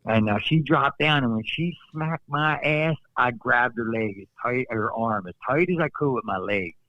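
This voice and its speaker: A man's voice: medium pitch, moderate pace, no room sound, muffled recording. A man, a former wrestler, telling stories in a casual interview, acting out quotes and laughing often. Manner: animated storyteller, acts out quotes, laughs often.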